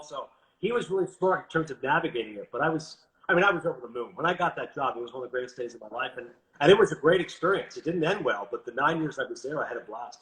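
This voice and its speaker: A Canadian man telling stories in a casual interview, animated and quick, acting out what others said. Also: mid-range voice, roomy sound, poor audio. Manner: animated, quick, quotes others in lively asides. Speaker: guest broadcaster.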